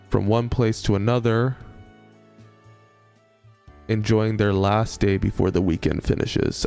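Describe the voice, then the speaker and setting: A man casually reading an interactive story aloud in first person, halting and correcting himself, laughing at his slips. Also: lowish voice, gravelly, a little mellow.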